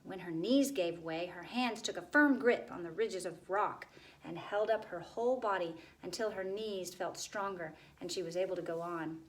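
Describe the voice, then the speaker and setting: A woman's voice: on the low side, moderate pace, poor audio. Woman reading a storybook aloud. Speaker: narrator. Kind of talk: reading a children's book aloud.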